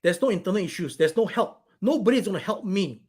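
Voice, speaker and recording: A man's voice: high-pitched, animated, fast, darkish tone, breathy edge. A man hosting his own live stream, reading out viewer comments in an irritated, blunt, rambling way and swearing now and then.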